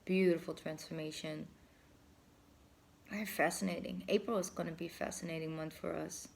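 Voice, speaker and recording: A woman's voice: low-pitched, steady tone, normal speed, gravelly, a little hiss or hum. A woman giving a casual tarot reading, effusive and thinking aloud, often breaking into laughter. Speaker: tarot reader.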